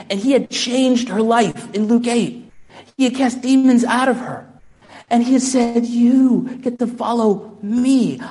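A man's voice: extremely high pitch, darkish tone. A pastor preaching a sermon in a musing, conversational way, often restarting his sentences.

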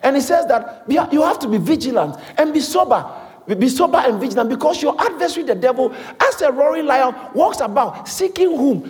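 A man preaching a sermon in a large hall, with lively repetitions and call-and-response to the congregation. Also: very high-pitched, a little fast. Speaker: pastor. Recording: echoey hall.

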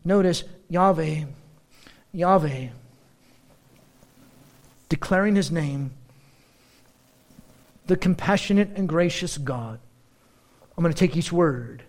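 A man with a high-pitched voice delivers a sermon. He slows right down to lean on key words, then rushes through quick, animated asides. He sounds middle-aged. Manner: animated, shifts between slow emphatic phrasing and quick asides. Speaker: pastor.

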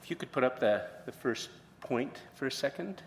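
A man's voice: medium pitch, animated, moderate pace, gravelly, in a large hall, a little hiss or hum. A man preaching a sermon, retelling a story and then posing questions to the congregation. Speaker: pastor.

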